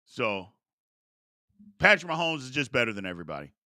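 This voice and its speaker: A man's voice: mid-range voice, fairly quick, no echo, clean studio sound. A man in his forties hosting a live sports talk show, chatting casually and reading out viewer questions. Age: 40s. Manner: animated, chatty, reads viewer questions aloud.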